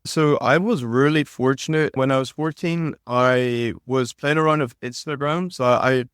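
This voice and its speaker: A man's voice: medium pitch, steady tone, moderate pace, clean tone, dry recording, studio quality. A man from Northern Ireland, a guest answering in a plain, friendly way on a podcast. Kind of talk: interview answers.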